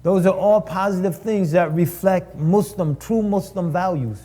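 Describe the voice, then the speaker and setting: High-voiced man delivering a preaching lecture. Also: a little slow, mellow. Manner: rhetorical, repeats phrases for emphasis. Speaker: speaker at a live-streamed cultural event.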